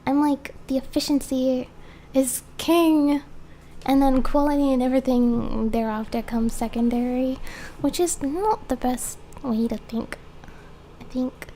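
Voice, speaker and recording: A woman's voice: sits high, fairly even intonation, measured pace, dark tone. A young woman streaming while she draws, chatting casually and rambling with frequent giggles. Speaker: streamer and artist. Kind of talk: casual live-stream chat. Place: home, background noise heard. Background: faint lawnmower noise.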